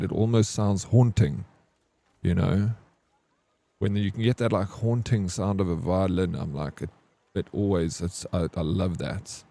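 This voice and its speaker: A man's voice: lowish voice, vocal fry, warm tone. A man from South Africa with an English South African accent, chatting casually and rambling on a gaming stream. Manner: rambling, chatty, restarts sentences often.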